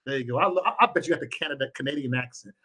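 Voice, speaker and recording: A man's voice: medium pitch, racing, pushed and bright, slightly rough. Rambling man hosting a livestream. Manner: loose, rambling, greets viewers by name, cusses freely. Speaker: livestream host. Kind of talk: casual livestream chat.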